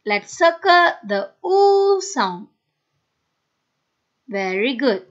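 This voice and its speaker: Slow, sing-song woman phonics teacher. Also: high-pitched, big pitch swings, fairly bright tone. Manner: slow, sounds out letters, repeats words, praises students. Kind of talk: children's phonics lesson. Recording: dull lo-fi recording.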